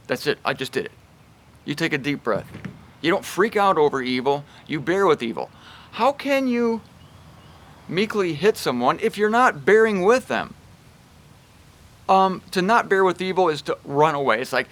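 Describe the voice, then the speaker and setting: A man's voice: a little high, animated, normal speed. Emphatic, wry male Bible teacher. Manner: emphatic and wry, shifts pace and loudness a lot. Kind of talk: casual Bible teaching talk.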